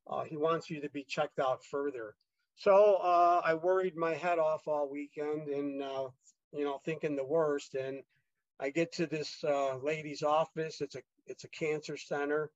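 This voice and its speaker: Slightly high-voiced man, halting storyteller. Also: fairly even intonation, dry recording, highs cut off. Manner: halting, with many fillers and restarts. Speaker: podcast guest. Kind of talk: casual storytelling interview.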